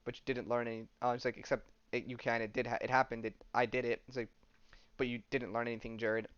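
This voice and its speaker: A man's voice: mid-range voice, little pitch movement, fast, a bit bright, smooth, dry recording, lo-fi sound. Man retelling a comic casually. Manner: reads comic dialogue aloud with loose fillers and swearing. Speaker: podcast host. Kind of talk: casual recap of a comic story.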